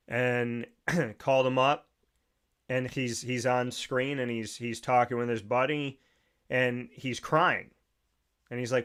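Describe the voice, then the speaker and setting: A man's voice: mid-range voice, fairly bright tone, clear, resonant tone. A man hosting a sports talk show, telling a long personal story in a casual, rambling way with many restarts. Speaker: show host.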